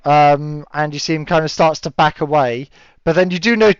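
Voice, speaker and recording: A man's voice: on the high side, moderate pace, clean tone, no room sound. A man running a tabletop game as game master, chatting casually with fillers and laughing asides. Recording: dull lo-fi audio with a dry sound.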